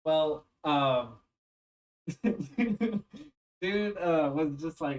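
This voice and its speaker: A woman with a lower-pitched voice chats with her tabletop group, rambling through stories full of fillers and bursts of laughter. She slips into voices for the people she quotes. She sits a little back from the mic. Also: slow, recorded from a distance, rough recording. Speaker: tabletop game player. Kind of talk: casual chat between players.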